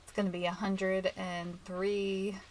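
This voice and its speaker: A woman with a nasal, stuffed-up voice, chatting softly and rambling as she hosts a relaxed game playthrough. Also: medium pitch, a little slow, a little hiss or hum, rough recording. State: stuffy nose. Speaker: let's play host. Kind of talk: relaxed gameplay commentary.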